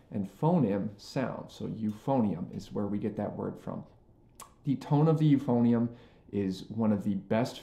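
A man's voice: on the low side, dark tone. A man, a music teacher, giving an earnest lesson to band directors and checking in often with "okay?" and "right?". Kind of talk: instructional talk to band directors. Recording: roomy echo.

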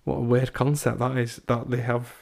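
A man's voice: mid-range voice, level tone, normal speed, gravelly, darkish tone. A young man hosting a podcast, telling stories in a chatty way with laughs and stammered restarts. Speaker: podcast host. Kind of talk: casual chat.

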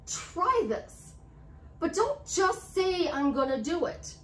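A woman life coach giving a motivational talk, repeating affirmations with emphasis. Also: high voice. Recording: roomy, slightly distant mic with faint hiss.

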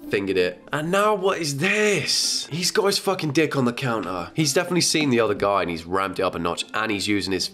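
A man's voice: medium pitch, very animated, fairly quick, few pauses, a bit bright, faint music behind. A young man giving comedic reaction commentary, exasperated and sweary, with grossed-out outbursts.

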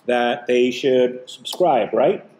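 A man's voice: mid-range voice, slow pace, a little mellow. Dad guy doing a food taste test vlog, chatty, explains stuff, teases a bit. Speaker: host and dad.

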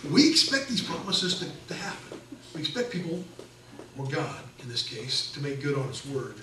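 A middle-aged man preaching a sermon as pastor, conversational and animated, acting out the people in his stories. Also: mid-range voice, normal speed, slight background noise. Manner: conversational, animated storytelling with acted quotes. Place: church sanctuary. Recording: echoey church from a distance.

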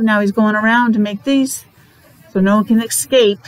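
A woman teacher with a mid-range voice reads a picture book aloud to young children at a moderate pace, telling the story animatedly and stopping often to explain it. The recording is rough.

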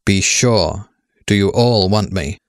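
A man voicing Death as a golden-haired young woman, speaking in a measured, solemn way with pleading questions. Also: on the low side, no room sound, studio quality.

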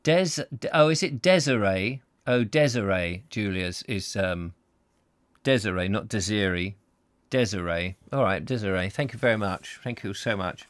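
A man's voice: fairly low pitch, lively intonation, moderate pace, few pauses, no room sound. Man reading a novel live, dry close sound. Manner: chatty, self-deprecating asides. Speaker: host and reader. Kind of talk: live audiobook reading with chat.

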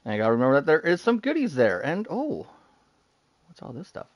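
A man giving live commentary while he plays a game, excitable, talking to himself and laughing often. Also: a little high, brisk, dry recording. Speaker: gaming streamer.

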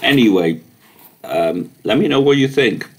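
A man's voice: mid-range voice, expressive, measured pace. Rambling man vlogging. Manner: rambling, chatty, with many fillers. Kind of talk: casual vlog chat.

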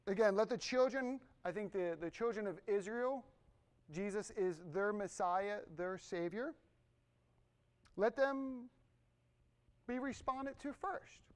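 A middle-aged man preaching a sermon in a conversational, animated way, with asides to the congregation. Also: high-pitched, slow, long pauses, smooth. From Irish family background. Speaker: pastor.

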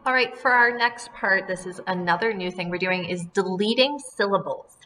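A woman teaching a second-grade class, drilling words and syllables slowly and clearly and encouraging the children. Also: mid-range voice, sharp tone, slight background noise. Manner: slow, deliberate word drills with clear enunciation. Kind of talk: phonemic awareness lesson for young children.

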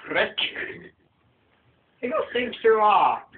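A man's voice: sits high, wildly swooping pitch, slow pace, full character voice. A young man putting on a sneering posh rich boy. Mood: insulting. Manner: drawling, sneering insults. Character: snobbish rich young man, rude and insulting. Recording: tinny lo-fi home video with faint hiss.

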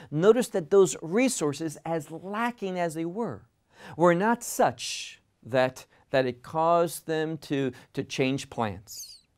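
Slow, emphatic male Bible teacher. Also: on the high side, darkish tone. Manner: deliberate, emphatic, repeats words for stress.

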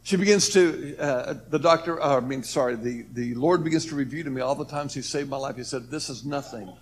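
A man's voice: mid-range voice, brisk. A man giving a personal testimony, earnest, his voice swelling and dropping as he acts out what others said. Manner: earnest, voice rises and falls with the story, acts out quoted speech. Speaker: speaker telling his near-death story.

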